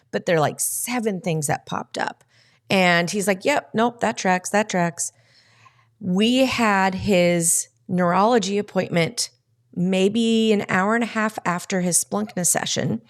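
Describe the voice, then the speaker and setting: Woman guest, casual storyteller, lowish voice, acts out quotes. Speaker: podcast guest.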